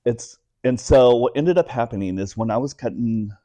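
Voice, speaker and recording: A man's voice: mid-range voice, moderate pace, no echo. A man in his forties from Texas, a guest telling personal stories in a casual interview and acting out the voices of the people he quotes. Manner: animated storyteller who acts out quoted voices.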